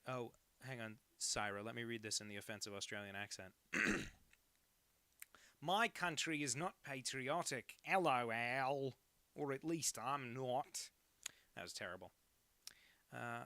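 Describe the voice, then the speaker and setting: Guy rambling and cracking jokes while he reads chat, sharp bright voice. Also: mid-range voice, gravelly, no room sound. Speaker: cartoonist streaming live. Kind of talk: casual live-stream chat.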